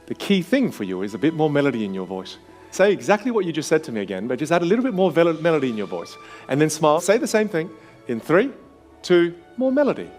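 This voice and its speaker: A man coaching participants at a workshop, animated and acting out the voices he quotes. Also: on the high side, quick pace, soft background music. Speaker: communication coach. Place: workshop room.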